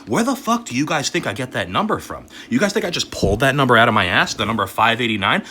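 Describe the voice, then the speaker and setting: A man ranting angrily on his vlog, cursing constantly and swinging between shouted outbursts and low, grumbling asides. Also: very animated, fast talker, hardly any pauses, slightly rough. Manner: angry and swearing, swings from shouting to muttering. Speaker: crypto and collectibles YouTuber.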